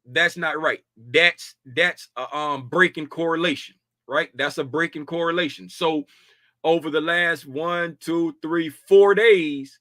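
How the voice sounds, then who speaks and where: A tired man talks through a chart walkthrough in a loose, colloquial way, tagging "right?" onto his points. His voice sits a bit high and sounds bright and forceful. The recording is dry, with no room sound. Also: fairly even intonation, a little slow, no echo. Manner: conversational, repeats "right?" often, colloquial speech. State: tired, dragging. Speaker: futures trading educator. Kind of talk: casual screen-share chart walkthrough.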